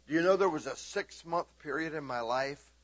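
A man preaching a sermon, animated, swinging between loud exclaiming and hushed talk. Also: on the high side, normal speed, no room sound.

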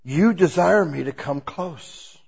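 A man preaching an informal, conversational sermon, asking the congregation many questions and swinging between quiet asides and loud, emphatic lines. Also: on the high side, slow pace, creaky, breathy edge, lo-fi sound. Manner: asks the listeners many rhetorical questions.

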